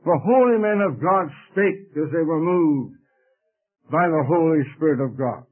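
A man preaching a sermon slowly and deliberately, drawing out the scripture he quotes. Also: fairly high pitch, expressive. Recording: tinny phone-like radio broadcast.

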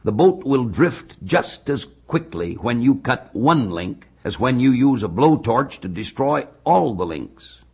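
A man giving expository Bible teaching, measured and deliberate, reading scripture slowly. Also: medium pitch, sing-song, husky.

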